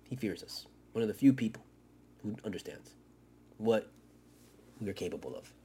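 A man hosting a fan podcast, ranting with heavy swearing and swinging from loud outbursts to low mutters. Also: moderate pace, slight background noise. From Miami area. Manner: profane, excitable, swings between shouting and muttering. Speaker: podcast host. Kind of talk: fan commentary rant.

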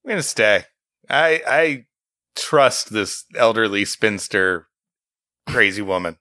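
Man, bright voice, wry banter, casual co-host. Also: fairly low pitch, expressive, slow. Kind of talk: casual chat.

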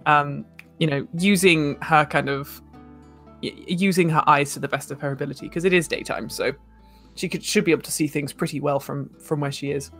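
A woman's voice: sits low, fairly even intonation, brisk, faint music behind. A woman playing a tabletop game, rambling and giggly, describing her character. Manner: giggly, rambling, often laughing. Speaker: player.

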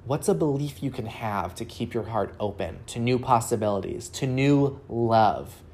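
A woman with a low, grounded voice talks through relationship advice on her own show. She coaches earnestly, often pausing to ask the listener rhetorical questions. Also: lively intonation, darkish tone. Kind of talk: solo advice talk.

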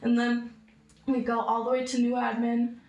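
In a muffled recording from an echoey room with faint music, a young woman recounts her own hard experiences in an interview. Her voice is a little high and a little mellow, at a moderate pace and completely flat in delivery, yet she grows emotional and acts out how she pleaded.

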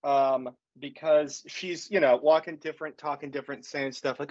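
A man's voice: mid-range voice, steady tone, a little fast, hardly any pauses, a bit bright, dry recording. A man co-hosting a podcast, chatting casually in a rambling, profane, jokey way. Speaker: podcast co-host. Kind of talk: casual chat. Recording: dull lo-fi podcast audio.

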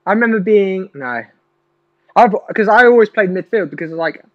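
A man's voice: sits high, animated, normal speed. A young man in casual chat, jokey and teasing, slipping into silly voices. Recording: dry, dull lo-fi recording.

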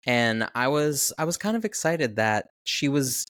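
Slow-talking blunt man co-host. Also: medium pitch, very animated, fairly bright tone, no echo. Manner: laid-back, blunt, swears freely. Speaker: podcast co-host. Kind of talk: casual movie review chat.

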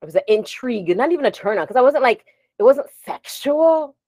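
A woman in her forties chats on a podcast with a higher-than-usual voice that rises and falls a lot. She tells stories with plenty of laughter and wanders onto side topics. The sound is close and dry. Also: fairly quick, dry recording. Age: 40s. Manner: animated, laughing storyteller who drifts off on tangents. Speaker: podcast co-host. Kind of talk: casual chat.

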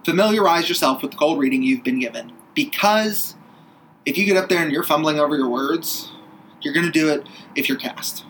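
A man's voice: a little high, fairly quick, a bit bright, a little hiss or hum, rough recording. A man co-hosting a podcast, a theater director giving audition advice in a blunt, joking way. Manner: blunt, jokey, acts out quoted auditioners. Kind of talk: casual chat.

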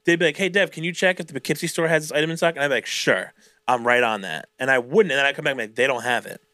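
Racing along in a slightly high voice, a young man co-hosting a podcast shares retail stories in casual conversation. He swears constantly, acts out customers, and tells everything animatedly, with no echo in the recording.

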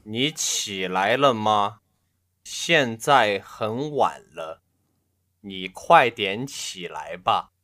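A caring mother who is coaxing her son out of bed, read by a man. The voice sits low and moves slowly. The lines are read plainly, without putting on a voice. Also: animated, pushed and bright, full character voice. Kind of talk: reading a scripted practice dialogue.

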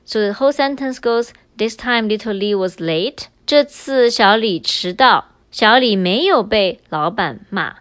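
A woman's voice: medium pitch, lively intonation, unhurried, few pauses, fairly bright tone, clear, resonant tone, dry recording. A woman teacher explaining grammar patiently in a recorded language lesson, moving between English and Chinese.

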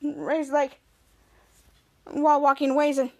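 A woman's voice: high voice, fairly quick, a bit bright. A woman hosting a podcast, retelling a show episode in a casual, rambling way, often correcting herself mid-line. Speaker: podcast host.

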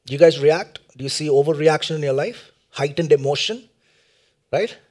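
A husky, middle-aged man from India delivers a sermon. His voice sits a little high and carries a breathy roughness. He leans into loud, emphatic lines, then falls to near-whispers, circling back to the same questions for his listeners. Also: normal speed. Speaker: pastor.

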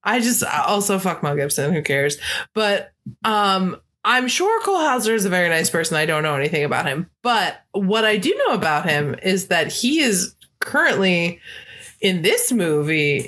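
Breathy woman in animated movie-chat banter. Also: on the low side, a little slow. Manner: animated, laughs often, swears casually. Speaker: podcast co-host. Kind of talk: casual movie-review banter.

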